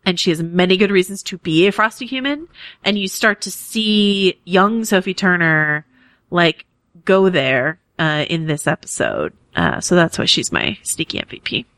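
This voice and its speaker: A woman co-hosts a casual podcast, recapping a TV episode with fan-style enthusiasm and lots of fillers. Her voice is on the low side, expressive and a bit bright, at normal speed with no echo.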